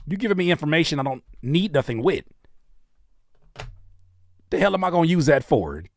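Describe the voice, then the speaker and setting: Animated joking man on a livestream. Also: on the high side, normal speed. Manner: animated, joking, slangy, slips into mocking voices. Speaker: livestream host reacting to music. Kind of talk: casual livestream chat.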